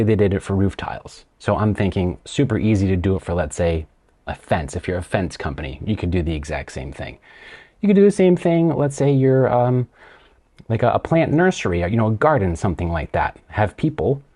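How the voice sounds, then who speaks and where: Low-voiced man hosting a casual show. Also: a little fast, breathy edge. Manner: rambling, animated retelling with restarts. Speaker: podcast host. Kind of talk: casual solo talk show.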